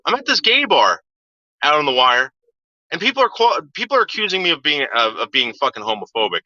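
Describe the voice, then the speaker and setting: A man's voice: on the high side, big pitch swings, brisk, sharp tone, no room sound. A man telling a story from his past in a casual, profane way, acting out the voices of the people he quotes. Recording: dull lo-fi sound.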